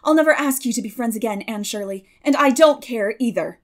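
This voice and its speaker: A woman voicing a bashful teenage boy who talks in a hurried, pleading, lowered voice in an audiobook. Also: vocal fry, darkish tone. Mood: stung. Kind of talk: audiobook character voice.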